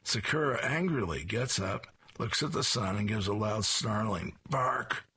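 A man with a strongly raspy, husky voice that sits fairly low yet has a forceful, bright edge. He reads newspaper comic strips aloud panel by panel, dropping in amused little asides between them. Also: expressive, unhurried. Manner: descriptive, with chuckled asides.

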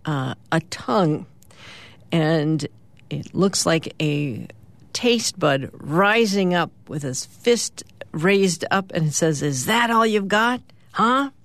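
An easygoing radio host reads the morning comic strips aloud, describing each panel in plain, unhurried speech with small pauses. The voice sits at a middling pitch. The recording is dry and close. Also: no echo.

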